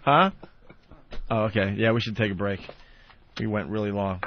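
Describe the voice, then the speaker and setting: A man's voice: fairly low pitch, moderate pace, slight background noise. A man hosting a radio talk show, easygoing as he steers the segment to a break. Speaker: radio host. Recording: slightly muffled radio broadcast.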